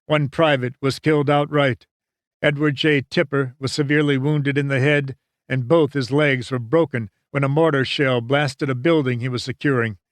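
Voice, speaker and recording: Brief: male audiobook narrator, mid-pitch, measured and dramatic, dry studio sound. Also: dry recording. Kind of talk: scripted narration.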